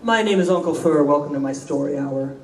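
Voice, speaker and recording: A man from Florida telling wry, deadpan comic stories on a convention stage. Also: fairly high pitch, fairly quick, recorded from a distance, crowd noise. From Florida, United States. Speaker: convention storyteller, comedian. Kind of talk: stand-up storytelling. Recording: roomy hall, voice from afar.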